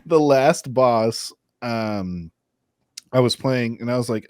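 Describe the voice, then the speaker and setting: A relaxed man in casual podcast chat, chuckling as he tells his story at a middle pitch. The sound is dry and close to the mic. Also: moderate pace, no room sound. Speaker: podcast co-host.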